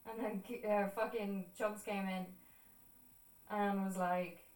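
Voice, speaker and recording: A woman's voice: mid-range voice, fairly even intonation, slow pace, a little mellow, distant mic. Irish woman, young, casual chatty streamer; salty storyteller, recorded off-mic in a live room. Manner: chatty storytelling, swears freely, acts out quoted voices. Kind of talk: casual chat while drawing on stream. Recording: echoey room, voice a bit off-mic.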